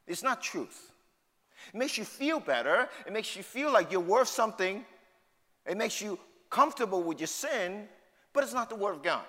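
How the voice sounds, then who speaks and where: A man's voice: sits high, pushed and bright. A middle-aged man with a New York City accent preaching a sermon, emphatic and full of rhetorical questions. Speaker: pastor. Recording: long hall reverb.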